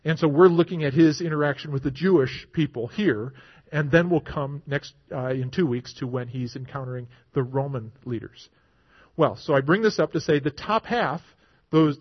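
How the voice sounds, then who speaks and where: Husky, lively male preacher. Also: a little high, moderate pace. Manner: lively, often asks "right?". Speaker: pastor. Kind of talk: sermon. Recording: dull, lo-fi recording.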